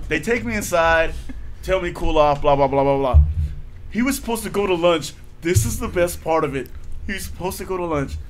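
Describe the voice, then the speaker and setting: Male podcast host, slightly high voice, loose rambling storyteller, light background noise. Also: a little fast. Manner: rambling, animated anecdote with reenacted quotes. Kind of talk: casual storytelling chat.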